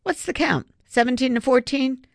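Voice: sits high, normal speed, gravelly, no room sound, studio quality, pitched above the performer's own voice. A narrator voicing a sheepish young man, an actor, talking uneasily.

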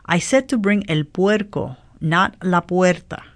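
A woman's voice: lowish voice, a little slow, close to an everyday voice. A woman voicing an exasperated older wife in a storybook reading, scolding her forgetful husband.

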